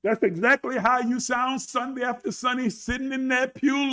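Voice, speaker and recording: A man's voice: very high voice, steady tone, normal speed, few pauses, bright, forceful tone. A male preacher delivering an emphatic sermon, calling out to his listeners with rhetorical questions.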